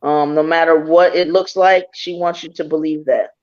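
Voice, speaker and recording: Slightly high-voiced man reader, gentle and reassuring, dull lo-fi stream audio. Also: moderate pace. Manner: calm, reassuring, repeating key phrases. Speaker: psychic reader. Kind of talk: spiritual reading.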